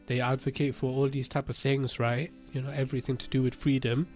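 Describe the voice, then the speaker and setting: A man's voice: mid-range voice, level tone, brisk, darkish tone. A young man chatting casually as a podcast co-host, his voice in a middle register. He talks in slang, leans on fillers and laughs often. Faint music plays underneath. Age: young adult. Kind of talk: casual chat.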